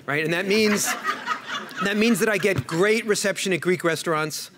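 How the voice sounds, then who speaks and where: A man with a New York accent, giving an animated, joke-filled conference talk and often repeating words as he restarts. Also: high-pitched, measured pace, background noise. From United States. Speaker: panel speaker, historian. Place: conference room.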